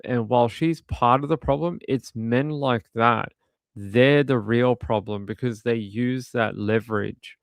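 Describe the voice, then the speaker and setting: A man with a gravelly, creaky edge comments on true crime footage in a rambling, indignant way. His voice is smooth and resonant, and the recording is close and dry. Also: medium pitch, a little slow, no room sound. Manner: rambling and indignant, with frequent restarts. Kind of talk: casual commentary while watching videos.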